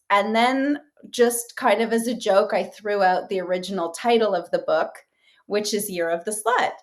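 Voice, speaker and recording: A woman actress and writer talking in a casual interview, animated and chatty with lots of fillers and quick asides. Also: medium pitch.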